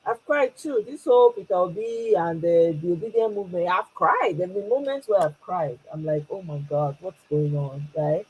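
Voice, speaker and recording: A woman's voice: fairly low pitch, moderate pace, few pauses, a little mellow, dull audio. A woman with a Nigerian accent, hosting her own channel and talking to viewers in an emphatic, casual way, switching between English and Pidgin. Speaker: host. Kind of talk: casual political commentary to viewers.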